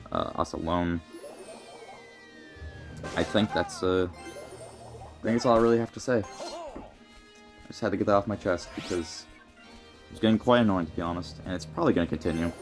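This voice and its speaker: A man's voice: low voice, darkish tone. A young man, delivering a rambling, mock-serious comedic rant full of fillers. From Canada. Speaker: vlogger. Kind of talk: comedic rant addressed to the wind. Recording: music playing under the voice.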